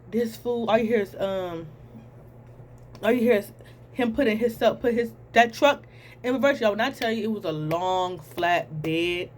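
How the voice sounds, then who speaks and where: A young woman, telling a storytime to viewers in a casual, animated way, acting out sounds and voices. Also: medium pitch, slight background noise. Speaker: storytelling vlogger.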